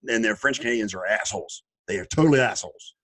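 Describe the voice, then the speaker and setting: A man on a casual sports chat show, blunt and quick to swear. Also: fairly low pitch, a bit bright. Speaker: co-host.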